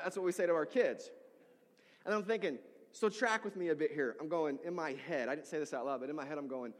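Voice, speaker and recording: A man's voice: on the high side, brisk. A middle-aged man, a pastor, preaching a sermon and telling stories animatedly, acting out the people in them. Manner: animated storytelling, acting out voices of people in his story. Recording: reverberant hall.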